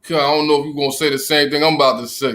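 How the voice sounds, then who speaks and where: Bright-voiced man reading scripture. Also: a little high, flat delivery, rapid-fire. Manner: agreeable, chiming in with affirmations. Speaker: scripture reader in the class.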